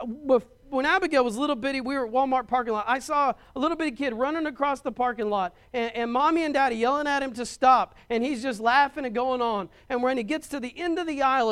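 A middle-aged pastor preaches in an emphatic, driving style. He repeats words as he builds his points and rises to loud stresses. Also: very high voice, clean tone. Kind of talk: sermon.

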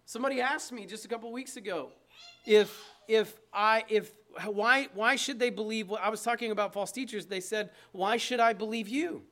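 A man's voice: sits high, moderate pace, fairly bright tone. A man preaching a sermon from the pulpit, emphatic and conversational, with asides to the congregation. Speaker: pastor. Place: church.

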